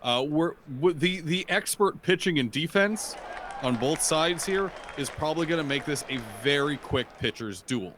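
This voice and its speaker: A man's voice: a little high, expressive, normal speed, a crowd in the background, noisy background. A young man giving color commentary on a game, thoughtful and hesitant, often restarting his sentences. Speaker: color analyst.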